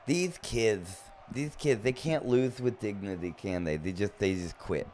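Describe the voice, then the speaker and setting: A man's voice: on the low side, measured pace, darkish tone, a little hiss or hum. A man casually commentating his own gameplay on a live stream, playfully teasing his chat. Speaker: gaming streamer.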